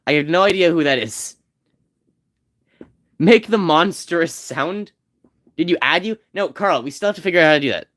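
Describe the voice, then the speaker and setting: A man's voice: on the high side, animated, moderate pace, long pauses, a bit bright. A man streaming a game, chatting casually and joking with his viewers in a rambling way. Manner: rambling, joking, talks to chat. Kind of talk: casual gameplay chat.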